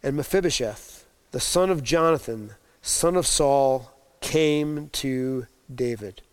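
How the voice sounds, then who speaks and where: A pastor preaching a sermon, telling a Bible story and acting out the voices of its people. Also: male voice, mid-range voice, slow pace, clean tone.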